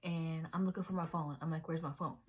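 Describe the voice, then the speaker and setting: Breathy young woman telling a story. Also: low-pitched, fairly even intonation, a little fast. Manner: rambling, lots of "like" and "um", drops to whispers. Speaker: vlogger. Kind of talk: casual storytime vlog.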